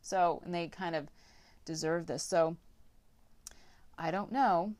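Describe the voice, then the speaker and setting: A woman's voice: on the low side, slow pace, a little mellow. A woman giving a casual tarot reading, rambling with lots of filler words and some blunt swearing. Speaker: tarot reader.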